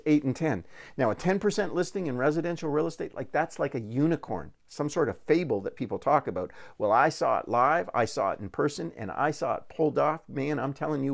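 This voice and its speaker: Man, real estate trainer, folksy stories, gravelly voice, restarts mid-sentence. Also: fairly high pitch. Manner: folksy, repeats words when restarting. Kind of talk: recorded training talk, storytelling.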